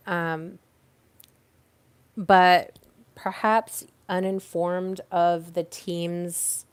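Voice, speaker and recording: Low-voiced woman teaching casually. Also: dry recording. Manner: chatty, restarts and fillers, explains with examples. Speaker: podcast host teaching on teamwork. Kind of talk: casual teaching talk to a live audience. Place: indoors at home by a fireplace.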